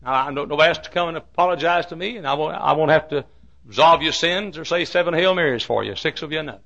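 A man preaching a fiery sermon, swinging from shouts to hushed asides. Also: a little high, quick pace, gravelly, highs cut off. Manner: fiery preaching with sudden shouts and drops to quiet. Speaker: pastor.

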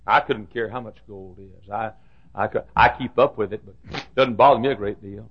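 A man in his fifties preaching a sermon in a folksy, joking way, repeating himself and bursting into shouts. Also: mid-range voice, normal speed. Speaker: pastor. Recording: dull lo-fi recording.

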